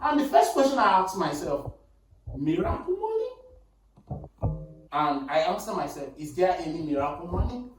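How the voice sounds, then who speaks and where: A man with a Nigerian accent telling a story in casual podcast talk, animated and insistent when cut off. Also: on the high side, brisk, music in the background. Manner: animated, insistent, talks over interruptions. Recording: echoey room, distant mic, faint noise.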